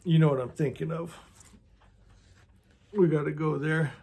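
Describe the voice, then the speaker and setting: Spiritual teacher, male, higher-voiced, unhurried; leads prayer in a soft, repetitive, meditative way. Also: fairly even intonation, gravelly, husky. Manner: slow, meditative, often repeats words and trails off softly.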